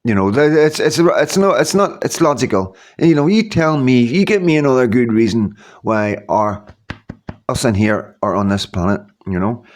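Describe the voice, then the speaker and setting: A man's voice: medium pitch, animated, moderate pace, a little mellow. Rambling, earnest man in his fifties. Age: 50s. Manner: rambling, earnest, many repeats and "you know what I mean". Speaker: YouTuber. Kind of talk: casual motivational talk to viewers.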